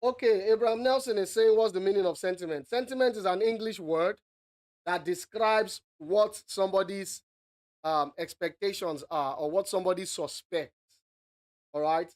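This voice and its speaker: This African man's voice is high and darkish, moving at a normal speed as he gives live forex analysis on his stream. He keeps teasing the audience and checking in frequently, dropping "all right" again and again in a playful way.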